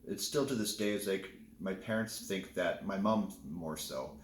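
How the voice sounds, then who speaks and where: Low-voiced man telling a candid story. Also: measured pace, reverberant, a little hiss or hum. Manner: candid, rambling, with many restarts. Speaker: vlogger. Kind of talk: casual personal storytelling.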